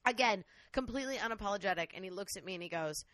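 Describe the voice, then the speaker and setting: A woman co-hosting a casual chat, telling a crude, outraged story in an animated way. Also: mid-range voice, racing, no room sound.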